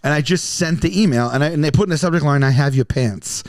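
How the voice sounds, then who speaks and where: A man telling a long comic story on a podcast, rambling and animated, often stumbling over his words. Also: fairly high pitch, quick pace, dry recording, studio quality. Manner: rambling, animated, self-interrupting.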